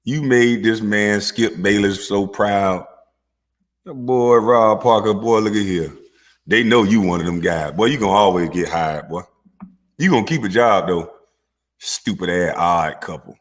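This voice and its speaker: A man delivering a mocking, profane comedic commentary rant, with drawn-out hums between jabs. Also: lowish voice, long reverb tail.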